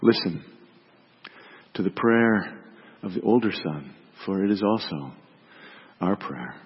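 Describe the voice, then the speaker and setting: A man leading a slow, earnest, contemplative devotional prayer and scripture reading. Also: deep voice, expressive, slightly rough. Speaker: prayer leader. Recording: dull lo-fi audio with long reverb.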